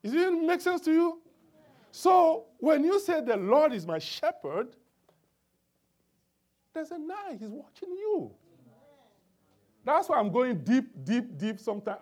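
A man's voice: high-pitched, darkish tone. A man preaching a Bible lesson to a congregation in church, emphatic, often checking in with his listeners. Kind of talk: sermon-style Bible teaching.

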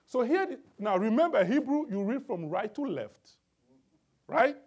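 Guy preaching a bible lesson in church, really lively voice that jumps around, emphatic, checks in with the crowd a lot. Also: extremely high pitch, measured pace, slightly rough. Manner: emphatic, keeps checking in with the congregation. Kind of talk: sermon-style Bible teaching. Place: church before a congregation.

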